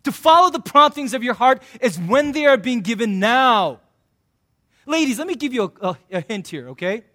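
A pastor with a very high voice delivers a sermon in a loose, conversational style. He jokes with the congregation and slips into quick acted-out scenes to make his points. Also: big pitch swings, sharp tone. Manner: conversational and joking, acting out little scenes.

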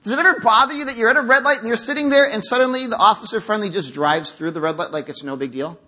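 A man's voice: sits high, fast, bright, forceful tone. A middle-aged man preaching a conversational sermon in a church, acting out quotes as he goes. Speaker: pastor. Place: church sanctuary.

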